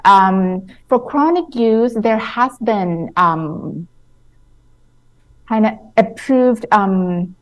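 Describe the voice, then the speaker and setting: Woman doctor on radio, mid pitch, explains slowly, lots of um's and restarts. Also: darkish tone. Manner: measured, explanatory, many fillers and restarts. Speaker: sleep specialist doctor guest. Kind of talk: radio interview answers.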